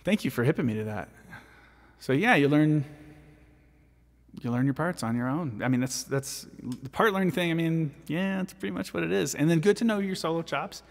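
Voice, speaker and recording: Gravelly-voiced man chatting while recording. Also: on the high side, normal speed, in a large hall. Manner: chatty, self-deprecating, reads and answers viewer comments. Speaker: vocal jazz arranger recording his own parts. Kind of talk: casual livestream chat while recording.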